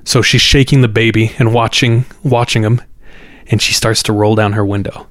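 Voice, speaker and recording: Low-voiced man telling a spooky story. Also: fairly even intonation, normal speed, a bit bright, dry recording, clean studio sound. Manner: builds suspense, acts out quoted voices. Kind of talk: casual storytelling.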